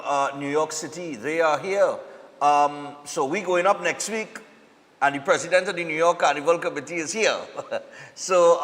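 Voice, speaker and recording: A man with a Trinidadian accent hosting a live morning TV show, chatting in a relaxed, easygoing way. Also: a little high, in a large hall. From Trinidad and Tobago. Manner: relaxed, chatty, laughing easily. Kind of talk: casual live morning TV chat.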